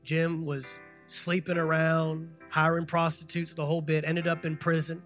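A pastor preaching a sermon, building to loud emphatic peaks and calling for the congregation to respond. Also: male voice, on the high side, flat delivery, normal speed, soft background music. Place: church sanctuary.

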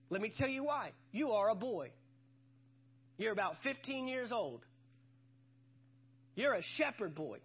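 A man's voice: high-pitched, breathy edge, dull audio. A male pastor preaching a sermon, emphatic, repeating his key lines for effect.

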